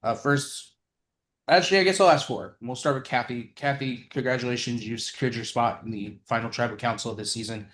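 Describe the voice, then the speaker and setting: A man hosting an online competition in an easy, chatty way. He hesitates and corrects himself as he goes, with a voice of middle pitch. He sounds unhurried and informal. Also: a little hiss or hum. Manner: relaxed, chatty, hesitant with fillers. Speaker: host of an online game show. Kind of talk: casual hosting on a call.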